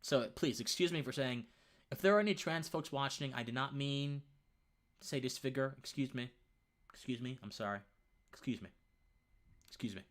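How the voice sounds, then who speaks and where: A man's voice: medium pitch, normal speed, long pauses. A young man hosting a casual opinion livestream. He rambles, stumbles over words and often restarts his sentences. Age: young adult. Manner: lively and conversational, says man often. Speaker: livestream host.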